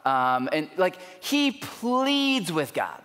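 A man preaching a sermon as a pastor, earnest and emphatic, building intensity with pauses for weight. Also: high voice, very animated, a bit bright. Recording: long church hall reverb.

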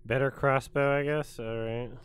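A man playing a video game on stream, chatting casually, animated and swearing, muttering at times and shouting at others. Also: medium pitch, moderate pace, clean tone. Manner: animated, swears and laughs, swings between mutters and outbursts. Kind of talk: casual gaming stream chat.

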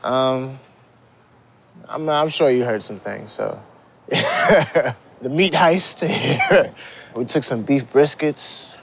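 A man casually reminiscing about an old job, laid-back and halting, with laughs. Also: mid-range voice, vocal fry, husky. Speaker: friend recounting a story.

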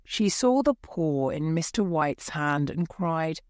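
A woman narrating a story for English learners in a slow, clear, measured reading. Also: low voice, animated, darkish tone, no echo, studio quality.

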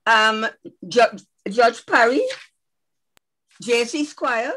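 An older woman, reminiscing as a guest speaker on a video call, lively and playful with a rhythmic way of recounting. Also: on the high side, extremely slow, poor audio. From Guyana. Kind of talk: casual reminiscing.

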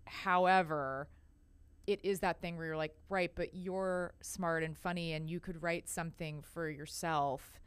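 A woman speaking as a podcast guest, talking in a rambling, animated way with many fillers. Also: fairly low pitch, measured pace, smooth, no room sound. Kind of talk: casual conversation.

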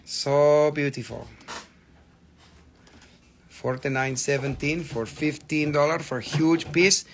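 A man runs a live sale with loose, jokey banter that rambles from one price to the next. His voice sits high for a man and has a gravelly, creaky edge. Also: fairly even intonation, slow pace, a little hiss or hum. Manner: joking, rambling, playful. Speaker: host of a live mineral sales stream. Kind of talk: casual live selling banter.

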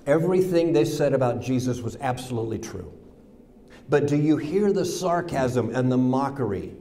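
Pastor with a mellow voice reading scripture. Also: male voice, lively intonation, moderate pace. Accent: American. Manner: acts out the mockers' taunts with sarcasm, drops soft and low for Jesus' words.

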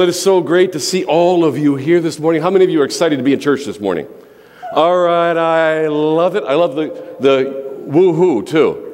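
A man's voice: fairly high pitch, a little mellow. A male pastor preaching a sermon to his congregation in a church, emphatic and repetitive, building phrases for effect. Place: church sanctuary. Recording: long reverb of a large church.

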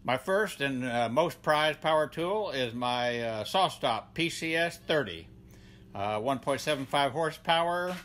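An older man with a Southern accent giving a rambling, folksy tour of his home garage workshop, pausing often with "uh". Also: medium pitch, expressive, a bit bright. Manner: rambling, folksy, many "uh" pauses. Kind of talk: casual tool tour.

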